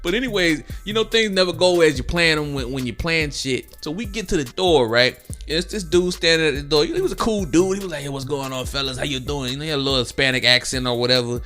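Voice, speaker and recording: Animated young man telling a story. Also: fairly high pitch, fast, few pauses, soft background music. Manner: animated slangy storytelling, acts out quotes. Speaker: gaming storyteller. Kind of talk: casual storytelling over gameplay.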